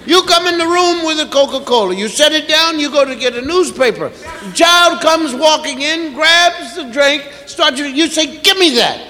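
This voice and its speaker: A middle-aged man doing an animated stand-up routine, acting out parents scolding children. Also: very high-pitched, moderate pace. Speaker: stand-up comedian. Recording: echoey live hall.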